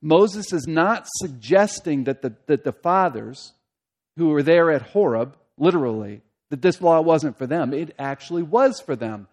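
Earnest man preaching, slightly high voice. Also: animated, a little slow. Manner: earnest, repeats phrases for emphasis. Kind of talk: expository sermon.

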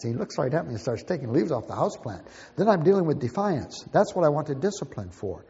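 An older man gives a folksy, plain-spoken teaching talk in a husky voice. His words ring out with a long hall reverb. The recording sounds dull and lo-fi. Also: fairly high pitch, big pitch swings, fast talker, mellow. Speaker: Christian parenting teacher.

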